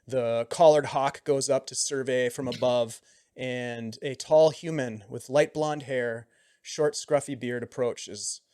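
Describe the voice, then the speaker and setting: A man acting as game master, recapping and narrating a tabletop game in a relaxed way, often trailing off softly. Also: mid-range voice, takes it slowly, dry recording, studio quality. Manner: relaxed, with frequent ums and trailing soft phrases.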